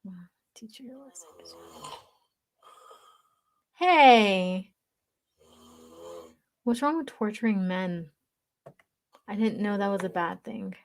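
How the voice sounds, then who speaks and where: Brief: woman livestream host, chatty and teasing, average pitch, casual delivery. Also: slow pace, pauses often. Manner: chatty, teasing, reads comments aloud. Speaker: livestream reader. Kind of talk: casual livestream chat with viewers.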